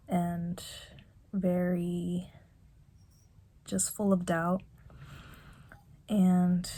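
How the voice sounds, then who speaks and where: A young woman vlogging reflectively from her bedroom, talking softly and haltingly with many fillers and restarts. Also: fairly low pitch, gravelly. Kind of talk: reflective personal vlog.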